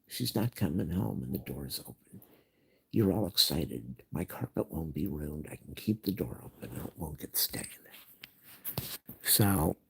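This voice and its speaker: A man's voice: low voice, vocal fry, pushed and bright, husky. A middle-aged man in an angry personal rant, heated and repeating himself as he recounts an argument.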